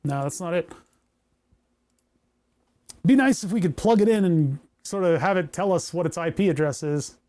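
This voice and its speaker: A man's voice: a little high, expressive, normal speed, pauses often, dark tone. A man casually chatting to his viewers as he tinkers with a hardware project, rambling and joking as he works. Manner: rambling, joking, talks to chat while working. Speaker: maker streaming a hardware project. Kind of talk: casual livestream tinkering talk.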